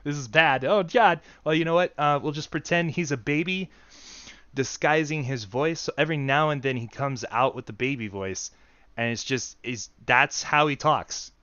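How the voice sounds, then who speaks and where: A man's voice: on the high side, moderate pace, a bit bright, clear, resonant tone, no room sound, muffled recording. A man streaming a game, talking in a jokey, rambling way and laughing often. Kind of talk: casual game commentary. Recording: game music behind.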